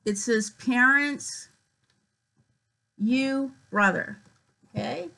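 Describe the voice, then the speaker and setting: Woman reading results with halting fillers. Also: on the high side, poor audio. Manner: reads figures aloud haltingly with many fillers. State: voice cuts in and out. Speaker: vlogger. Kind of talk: casual screen-reading commentary.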